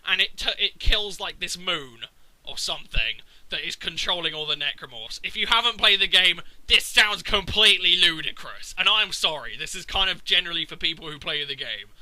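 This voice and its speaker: Man, bright, ranting. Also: sits high, animated, moderate pace, rough recording. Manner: exasperated, profane ranting. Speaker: gaming video maker. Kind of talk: casual rant.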